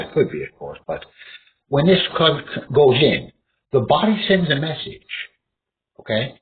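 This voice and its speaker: A man rambles through a fighting lesson, swearing freely and breaking into loud mock cries for his imagined opponent. His voice swings widely in pitch. It comes through thin and tinny over a faint hiss. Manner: profane, rambling, acts out opponent's reactions with outbursts. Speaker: martial arts instructor. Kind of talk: rambling casual instruction to camera. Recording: tinny phone-like sound with faint noise.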